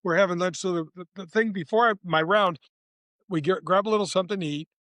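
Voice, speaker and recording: High-voiced rambling man in his sixties. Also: quick pace, bright, forceful tone, no room sound. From St. Louis, USA. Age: 60s. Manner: rambling, restarts, acts out quotes, teasing. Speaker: retired tour golfer, guest. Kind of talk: casual storytelling interview.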